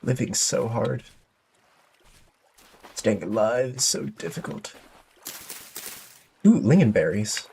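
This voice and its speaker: This time his voice sits at medium pitch and sounds creaky, moving slowly and pausing often over a faint hiss or hum. He keeps up the chatty, self-mocking commentary on his survival game stream, throwing in excitable, jokey exclamations.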